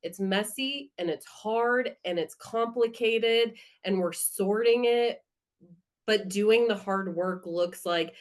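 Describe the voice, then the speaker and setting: A woman talking as a guest on a podcast, her voice sitting at an ordinary middle pitch. She speaks in an earnest, heartfelt way and works through her thoughts out loud in a relaxed, conversational flow. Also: takes it slowly. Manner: earnest and heartfelt, thinking aloud.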